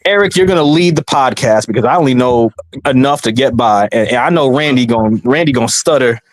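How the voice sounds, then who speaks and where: A man co-hosting a wrestling podcast, ranting in exasperated, quick outbursts. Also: medium pitch, dry recording. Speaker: podcast co-host. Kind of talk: casual podcast banter.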